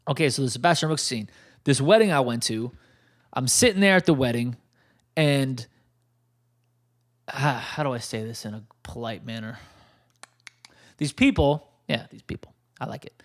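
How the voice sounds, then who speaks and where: Animated, profane man telling a story. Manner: animated, profane, swings between loud outbursts and low mutters; acts out quoted lines in quick changes of voice. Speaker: podcast host. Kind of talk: casual storytelling monologue.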